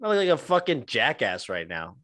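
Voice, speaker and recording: A man's voice: medium pitch, huge pitch swings, fairly quick, pushed and bright, no room sound. A man with a mid-range voice, co-hosting a casual podcast chat. He talks in a laid-back, rambling way, full of fillers and profanity. The recording is dry and close-miked. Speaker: podcast co-host.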